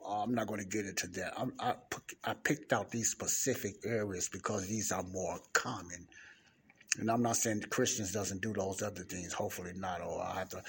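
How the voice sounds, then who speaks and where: A man hosting a Christian podcast, talking in a rambling, repetitive way with many fillers, close to the mic in a library study room. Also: low-pitched. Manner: rambling, repeats words, frequent fillers. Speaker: podcast host. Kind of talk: casual preaching monologue. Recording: faint street noise through window. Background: faint traffic from outside.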